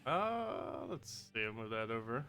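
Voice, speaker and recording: Man, casual live-stream chat, laid-back, mid pitch, faint background music. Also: big pitch swings, unhurried. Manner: laid-back, chatty, answers chat, laughs at own pronunciation.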